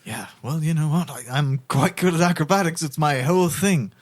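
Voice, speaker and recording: A man playing a tabletop game who talks excitedly, laughs often and swears freely. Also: on the high side, fairly quick. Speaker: player.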